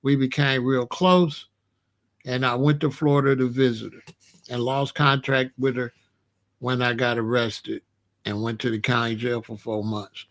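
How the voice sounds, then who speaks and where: A Chicago man hosts commentary, spinning opinionated stories in a monologue full of animated, slangy street talk. His voice sits in the mid range, and he keeps a measured pace.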